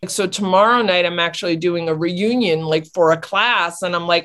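A woman's voice: lowish voice, fairly even intonation, normal speed, hardly any pauses, fairly bright tone. A woman who teaches, talking casually and reflectively about her life. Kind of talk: casual chat.

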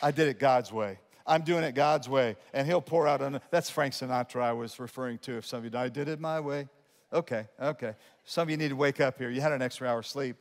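A male pastor preaching a sermon in an animated way, jumping between loud emphatic lines and quiet asides, with humorous remarks to his congregation. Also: medium pitch, a little fast, a little hiss or hum. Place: church sanctuary. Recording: long hall reverb of a church sanctuary.

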